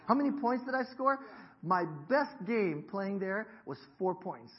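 A man in his fifties preaches in a church, joking and talking easily with his congregation. His voice sits a little high for a man. The recording sounds dull and lo-fi. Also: animated, unhurried. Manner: jokey, self-deprecating, chatty with the congregation. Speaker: pastor. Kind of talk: sermon. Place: church sanctuary.

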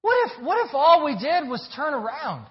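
A man with a high voice preaches a sermon in an earnest, emphatic way, doubling back on his words as he presses each point. The recording is dull and lo-fi. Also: big pitch swings, normal speed. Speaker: pastor.

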